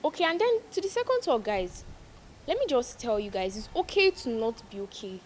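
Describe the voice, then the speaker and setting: A woman's voice: a little high, big pitch swings, a little fast, a little hiss or hum. A young woman vlogger giving emphatic, preachy advice to her viewers, repeating lines for stress. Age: young adult. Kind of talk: casual advice monologue to viewers.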